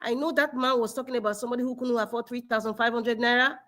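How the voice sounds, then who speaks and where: A woman's voice: fairly high pitch, steady tone, fast talker, a bit bright. A woman with a Nigerian accent hosting a live-stream discussion, speaking earnestly and building to emphatic, passionate appeals over a remote call. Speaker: live-stream show host. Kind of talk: impassioned live-stream commentary.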